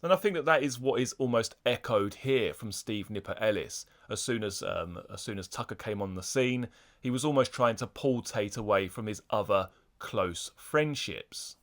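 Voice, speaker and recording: A man hosting a podcast, explaining things in a measured way and putting questions to a guest. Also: on the low side. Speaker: podcast host and interviewer. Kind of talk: podcast commentary and interview questions.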